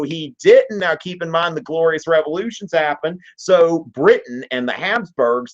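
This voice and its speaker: A man hosting a live history Q&A, explaining in an animated, joking, digressive way. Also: mid-range voice. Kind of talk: casual live-stream lesson. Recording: dull lo-fi stream audio.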